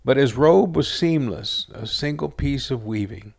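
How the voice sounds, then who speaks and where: A man reading a scripture passage aloud in a steady, earnest storytelling manner. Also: mid-range voice, unhurried, vocal fry. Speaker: scripture reader.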